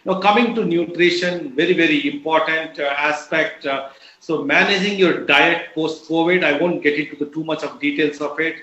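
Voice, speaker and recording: A middle-aged man from India with an Indian English accent, giving a measured medical lecture with many "uh" fillers. His voice is strained and lower than his usual. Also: pushed and bright. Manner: measured, explanatory, frequent uh fillers. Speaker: doctor giving a health talk. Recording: echoey, dull lo-fi recording.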